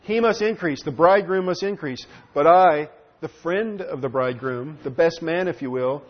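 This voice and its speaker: Man teaching Scripture, slightly high voice. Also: normal speed. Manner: earnest, explanatory, with frequent fillers and restarts. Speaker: Bible teacher. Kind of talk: expository Bible teaching. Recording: dull lo-fi recording.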